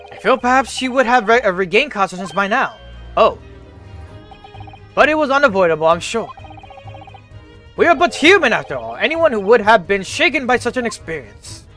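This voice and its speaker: A grandiose Victorian detective, theatrical and self-assured, as a man puts him on. He declaims in a high, bright, animated voice. Faint music sits behind. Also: moderate pace, long pauses, full character voice. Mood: pompous. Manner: pompous, grandiose.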